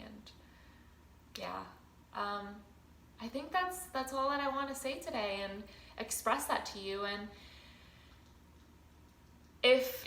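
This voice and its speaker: A woman's voice: medium pitch, bright, forceful tone, echoey room, a little hiss or hum, low-quality recording. A woman talking casually to her viewers in a rambling, affectionate way, full of fillers and little laughs. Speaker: vlogger. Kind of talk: casual spiritual vlog talk.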